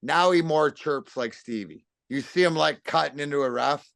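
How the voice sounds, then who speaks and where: A man's voice: on the high side, normal speed, creaky, no echo. Rambling man telling hockey stories. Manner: swearing, rambling with restarts, animated. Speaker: podcast guest, former pro hockey player. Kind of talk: casual storytelling chat.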